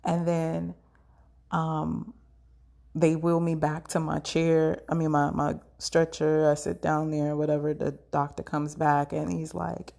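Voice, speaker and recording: Gravelly-voiced woman telling a story. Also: deep voice, flat delivery, a little slow, a little mellow. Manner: chatty, scattered, acts out quotes of others. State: in pain. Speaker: podcast host. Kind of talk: casual storytelling.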